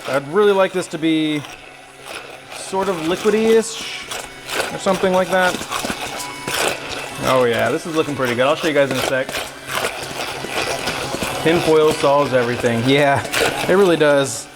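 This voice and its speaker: A man's voice: fairly high pitch, unhurried, pauses often, very noisy. A man chatting and joking to his viewers while he cooks in his home kitchen during a casual livestream. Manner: joking, chatty, talks to himself while cooking. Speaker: livestream cooking host. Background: music.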